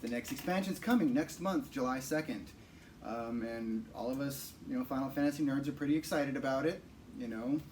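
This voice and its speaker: A man's voice: mid-range voice, a little fast, darkish tone. Forties guy on a podcast, joking around and cussing, mic sits kinda far off with a bit of hiss. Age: 40s. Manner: laid-back, joking, swears freely. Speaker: podcast co-host. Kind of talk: casual chat. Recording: distant mic with faint noise.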